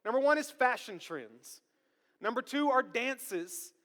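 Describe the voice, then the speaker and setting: A man in his thirties preaching a sermon as pastor, animated and joking with the congregation. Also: very high voice, measured pace. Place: church sanctuary. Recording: long church hall reverb.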